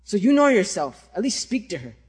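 Man voicing a sly whispering devil, coaxing, persuasive, high and husky. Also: big pitch swings, brisk, heavily acted.

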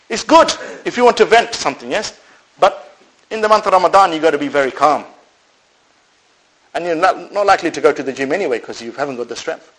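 An Islamic preacher with a high voice gives a sermon to a live audience, captured on poor audio. Animated, he swings between loud and soft, poses rhetorical questions he then answers, and interweaves Arabic religious phrases.

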